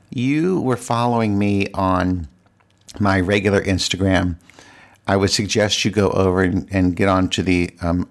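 A man's voice: sits low, vocal fry. A man hosting his own solo podcast in a candid, exasperated, rambling way, full of restarts and stammered repeats. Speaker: podcast host. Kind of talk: casual solo podcast monologue. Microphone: desk podcast mic.

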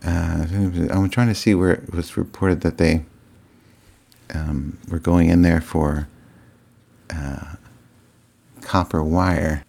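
A man's voice: low voice, steady tone, takes it slowly, creaky, pauses often, a little mellow. A man telling a rambling, casual story to his viewers, with lots of fillers and restarts and chuckling at his own tale. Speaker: vlogger.

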